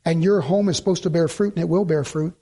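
A middle-aged male pastor with a notably high voice delivers a sermon. He is an animated storyteller who slips into the voices of the people he quotes and repeats his points for emphasis. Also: fast talker, husky.

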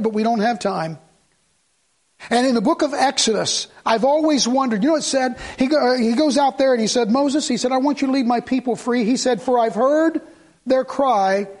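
A man preaching a sermon in a conversational way, asking the congregation rhetorical questions and sometimes dropping to a soft, low voice for emphasis. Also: a little fast. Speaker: pastor.

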